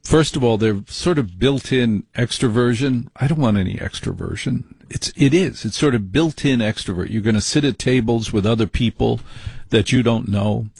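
A man in the middle of an opinionated monologue, brash and rambling, his voice a little husky. He sounds mock-exasperated. The sound is dry, with no room around it. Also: medium pitch, moderate pace, darkish tone, dry recording.

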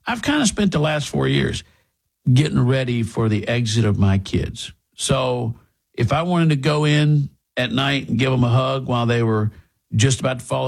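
A man's voice: medium pitch, vocal fry, breathy edge. A middle-aged man hosting a talk show, rambling through opinions and asides in a casual monologue with frequent restarts. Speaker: radio talk show host.

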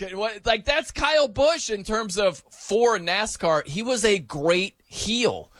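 A man hosting sports talk, animated and joking, laughing as he riffs on the news. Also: sits high, takes it slowly, few pauses, dry recording. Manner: animated, joking, breaks into mock announcer voices. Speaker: sports radio host.

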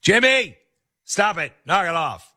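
A man's voice: high voice, big pitch swings, measured pace, pushed and bright, pitched above the performer's own voice, heavily acted. A man voicing an exasperated, no-nonsense mother who scolds her son's friend in a talk radio bit. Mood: scolding.

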